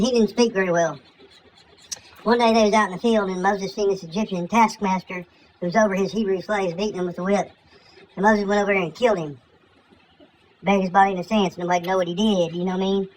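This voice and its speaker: A woman retells scripture as a crude, profane comic story, with slang and rambling asides. Her voice sits at an ordinary pitch for a woman, and a faint hiss of noise runs beneath it. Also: darkish tone, poor audio.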